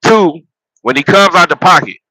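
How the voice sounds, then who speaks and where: In a casual, swear-filled football rant, this sports vlogger keeps laughing at his own jokes, restarting and repeating phrases while he works toward his point. He has a high, bright, forceful voice at normal speed, captured close and dry with no room sound on a rough recording.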